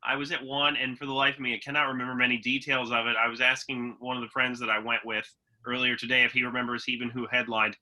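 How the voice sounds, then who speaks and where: Very bright-voiced easygoing man. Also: medium pitch, little pitch movement, fast talker, poor audio. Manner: easygoing, with fillers and restarts. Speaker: podcast co-host. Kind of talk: casual chat.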